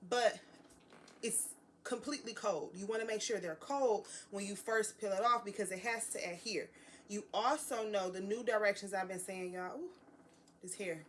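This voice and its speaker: A woman's voice: mid-range voice, moderate pace, a bit bright, a little hiss or hum. A woman vlogging a crafting tutorial, gushing and chatty, talking straight to her viewers as y'all.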